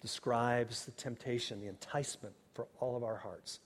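A man delivering a sermon as pastor, earnest and shifting between hushed, quiet passages and emphatic, raised ones. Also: mid-range voice, steady tone, moderate pace. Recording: long hall reverb.

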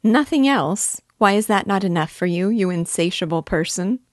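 A woman reading the part of a lively, playful young woman who teases with eager questions, in an audiobook. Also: medium pitch, moderate pace, no room sound, clean studio sound, voice pushed up, lightly acted. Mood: teasing.

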